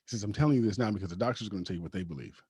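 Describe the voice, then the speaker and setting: A man with a husky voice, a podcast guest telling a personal story casually, laughing often and acting out the lines of the people in it. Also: fairly low pitch, racing, warm tone, no echo. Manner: acts out quoted dialogue.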